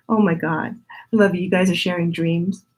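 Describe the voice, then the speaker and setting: Husky-voiced woman teaching, chatty. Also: lowish voice. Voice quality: husky morning voice. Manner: chatty, laughing, playful asides. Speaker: spiritual medium teaching a group. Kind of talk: casual spiritual teaching talk.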